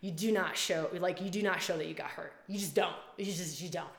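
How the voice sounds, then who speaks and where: Woman hosting a casual live stream, animated and blunt, repeats herself, roomy echo. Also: lowish voice, a little fast, gravelly. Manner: animated, swears freely, repeats phrases. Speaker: women's circle and retreat leader.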